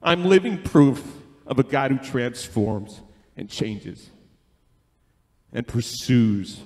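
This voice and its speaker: A man's voice: mid-range voice, lively intonation, takes it slowly, a little mellow. A man leading a church service, praying and speaking earnestly and emotionally. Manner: emotional, earnest, tearful at times. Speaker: worship leader. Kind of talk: worship singing and prayer. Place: church sanctuary. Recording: long hall reverb with music. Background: instrumental music.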